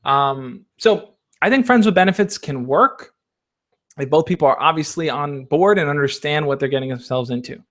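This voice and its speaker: A man's voice: fairly high pitch, animated, normal speed, a bit bright. A man hosting a casual question-and-answer stream. He gives advice in an encouraging, coach-like way and keeps checking in with his listeners. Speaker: advice channel host. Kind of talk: casual Q&A livestream.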